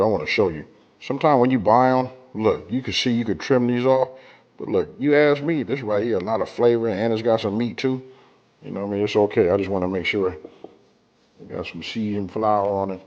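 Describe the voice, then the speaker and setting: A man's voice: fairly low pitch, darkish tone, dull audio. Laid-back man demonstrating cooking. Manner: laid-back, talks straight to viewers with lots of "right?". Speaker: cooking show host.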